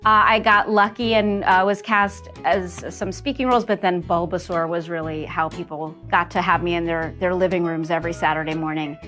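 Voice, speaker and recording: A middle-aged woman from New Jersey, a voice actress chatting casually in an interview, lively and quick to laugh. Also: on the low side, soft background music. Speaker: voice actress guest.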